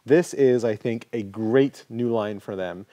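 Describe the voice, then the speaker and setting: A man's voice: mid-range voice, unhurried, mellow, dry recording, highs cut off. A man co-hosting a casual technology show, joking and rambling as he demonstrates a gadget and corrects himself along the way. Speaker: co-host. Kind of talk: casual tech show banter.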